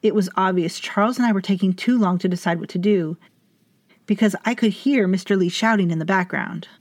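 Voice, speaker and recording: A woman's voice: medium pitch, fairly quick, no echo. A woman narrating a story in first person as a vampire hotel owner, with dry, wry asides to the listener. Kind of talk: scripted fiction narration.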